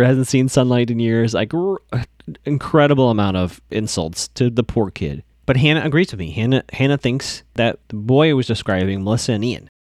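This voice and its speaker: A man's voice: medium pitch, dry recording, clean studio sound. A young man casually recapping a TV episode, chatty and amused, with plenty of fillers. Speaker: podcast host recapping a TV episode.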